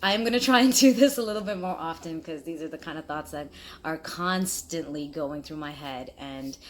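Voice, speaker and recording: A low-voiced woman talks straight to the camera in a casual, reflective way. She is candid and chatty and laughs easily. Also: normal speed. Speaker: vlogger.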